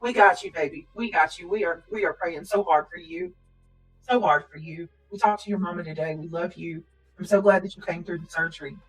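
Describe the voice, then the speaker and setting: Her voice lowish and her pace a little fast, a woman hosts a casual livestream, talking directly to viewers. She is earnest and prayerful, with frequent throat-clearing and coughs, over soft background music on a rough recording.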